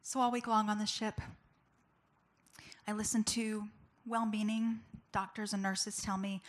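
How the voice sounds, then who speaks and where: A woman's voice: medium pitch, level tone, a little slow. A woman giving a personal testimony as a public speaker, telling her story candidly and conversationally with many casual fillers.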